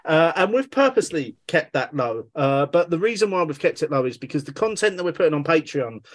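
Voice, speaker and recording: A man hosting a podcast, relaxed and casual, reading out plugs and calls to listeners with the odd swear word. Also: fairly high pitch, brisk. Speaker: podcast host.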